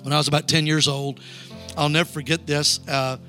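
High, bright-voiced evangelist preaching a sermon. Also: male voice, level tone, fairly quick, faint music behind. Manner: call-and-response preaching, urging the crowd to repeat lines. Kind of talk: revival sermon. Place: church sanctuary.

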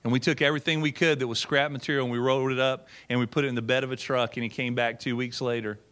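A man's voice: medium pitch, little pitch movement, quick pace, fairly bright tone. A middle-aged man, a pastor, telling a story in a sermon in a folksy way, acting out quotes and often repeating words. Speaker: pastor and former missionary.

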